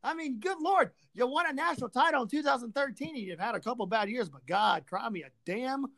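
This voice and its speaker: A woman's voice: fairly high pitch, animated, fairly quick, fairly bright tone. A woman hosting a sports talk show, ranting sarcastically and with profanity about a rival team. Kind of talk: ranting sports podcast chat.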